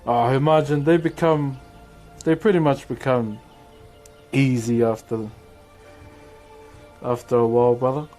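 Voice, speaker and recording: A man with a New Zealand accent, a streamer casually chatting with viewers while woodcarving, laid-back and quick to laugh. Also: mid-range voice, fairly even intonation, mellow, soft background music. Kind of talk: casual livestream chat answering viewers.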